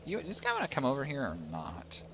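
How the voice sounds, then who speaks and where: Talking quickly in a mid-range voice with wildly swooping pitch and vocal fry, this streamer chats casually with viewers while gaming. He's sarcastic, swears at the game often, and wanders into asides to chat over the game's music and effects.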